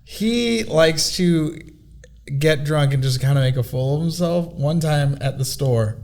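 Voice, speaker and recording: A man's voice: a little high, a little slow, a little mellow. A man on a podcast telling loose, profane stories, laughing as he goes. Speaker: podcast guest. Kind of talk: casual podcast storytelling.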